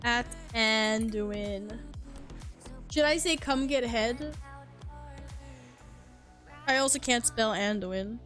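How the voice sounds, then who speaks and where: While gaming on stream, a young woman with a slightly high voice chats breezily with her audience, teasing herself, laughing easily and swearing in passing. She takes it slowly, with long pauses. Soft game music hums quietly beneath her.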